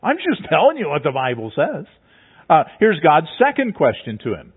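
A man's voice: fairly high pitch, wildly swooping pitch, normal speed, slightly rough. Man preaching over a tinny line. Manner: teacherly, explaining step by step with repeated words. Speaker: pastor. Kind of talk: sermon. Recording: tinny phone-like sound.

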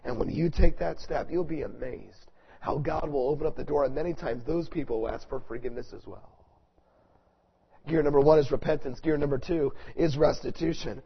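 A man preaching a sermon, swinging from loud, forceful preaching to soft, hushed storytelling. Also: on the high side, brisk, gravelly, breathy edge, dull audio.

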